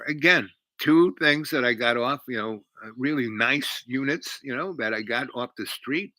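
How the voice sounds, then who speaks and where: A man's voice: medium pitch, unhurried, dry recording, low-quality recording. A man telling a long personal story in a rambling, casual way, full of fillers and asides. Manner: rambling, heavy on fillers, animated.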